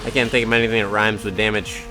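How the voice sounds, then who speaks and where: Over music, a gaming streamer with a low, fairly flat voice talks fast, casually commenting on his own racing game during a live stream while chatting to his cat and himself.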